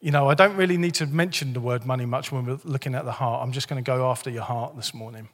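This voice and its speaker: A male pastor preaching a sermon in a church, lively and joking in a conversational way, his voice a bit hoarse. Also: mid-range voice, fast, big-room sound. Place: church hall.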